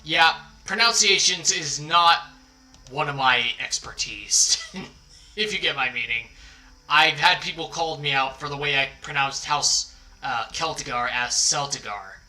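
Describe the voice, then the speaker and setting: Hosting a livestream, this man talks in an unhurried way with a voice on the high side, rambling along and apologizing while making fun of himself. Quiet music plays beneath the rough-sounding recording.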